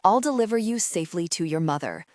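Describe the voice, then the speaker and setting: A cocky young male thief teases and dodges questions in easy, playful banter. A woman reads him in her own voice, pitched low and recorded dry and close for an audiobook. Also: expressive, fast talker, darkish tone, dry recording, natural voice. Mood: teasing.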